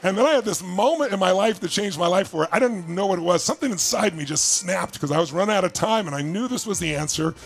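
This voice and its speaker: A man telling a story from his own life to an audience, animated, acting out the voices of the people in it. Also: sits high, fast talker, vocal fry, hardly any pauses. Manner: animated, acts out quoted voices. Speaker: motivational speaker. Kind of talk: storytelling talk.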